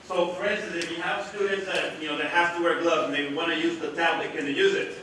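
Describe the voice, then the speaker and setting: Man presenter, bright and a bit high, booming without a mic across a big echoey room, heard from afar. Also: fairly even intonation, fast talker, a little hiss or hum. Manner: projecting loudly without a mic, quizzing the audience. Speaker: education technology presenter. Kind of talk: live product demo to a committee. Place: large meeting room. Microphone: no mic, room recording from afar. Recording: very echoey room audio from far off.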